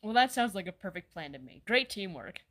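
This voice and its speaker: A woman performing a comedy sketch, voicing several characters in sarcastic, deadpan banter with casual swearing. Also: medium pitch, a little fast.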